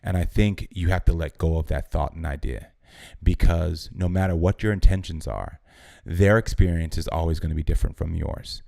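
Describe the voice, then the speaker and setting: American man in his thirties, very deep gravelly voice, dry close sound, calm earnest advisor. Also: no echo. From United States. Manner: calm, measured, sincere. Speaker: guest, TV host giving advice. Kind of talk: earnest advice in conversation.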